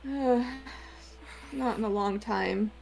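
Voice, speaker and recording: A woman's voice: medium pitch, takes it slowly, vocal fry, a little mellow, faint music behind. A woman playing her character in a tabletop game, hesitant and trailing off, with small laughs. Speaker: player. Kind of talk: in-character tabletop role-play.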